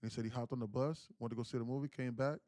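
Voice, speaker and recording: Speaking rapid-fire in a warm, mid-range voice with fairly even intonation, this thirty-something day trading livestream host tells a family story with earnest candor. He keeps repeating himself as he goes. The studio-quality recording has no echo.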